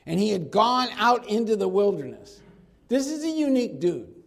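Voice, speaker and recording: A man's voice: high-pitched, big pitch swings, normal speed, vocal fry. A man teaching through a Bible passage in a conversational sermon, now and then acting out the quoted speakers in casual slang. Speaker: preacher.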